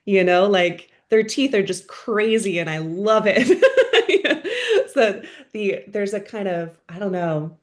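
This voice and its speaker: Musing woman leading a video workshop. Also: medium pitch. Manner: thoughtful, musing, with hedging asides. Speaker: workshop facilitator. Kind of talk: leading a discussion group. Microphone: video call.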